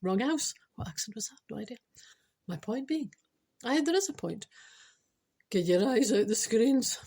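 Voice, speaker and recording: A Scottish woman hosting a podcast, telling a comic story with spiritual advice in a chatty, animated way full of teasing asides. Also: a little high, normal speed, breathy edge.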